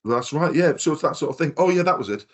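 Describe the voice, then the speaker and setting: A man's voice: a little high, animated, quick pace. A man, chatting casually on a podcast and telling rambling stories with the odd swear word. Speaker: podcast co-host. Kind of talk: casual chat.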